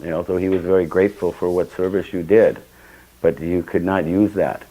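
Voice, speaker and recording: A man's voice: sits low, steady tone, a little fast, mellow, rough recording. An older man giving a temple scripture class, telling personal stories and acting out the dialogue with sudden bursts of emphasis. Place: temple hall.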